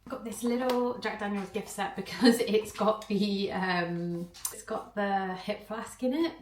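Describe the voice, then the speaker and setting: A young woman talks straight to her viewers in a relaxed, chatty vlog. She is giggly and breaks into quick bursts of excitement, with a voice of ordinary pitch. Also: echoey room. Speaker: vlogger and personal trainer. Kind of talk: casual vlog chat.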